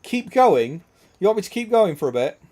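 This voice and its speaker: Man, young, gaming streamer, casual crude chat, slightly raised pitch. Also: sing-song, moderate pace, darkish tone. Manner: crude, swearing, laughing a lot.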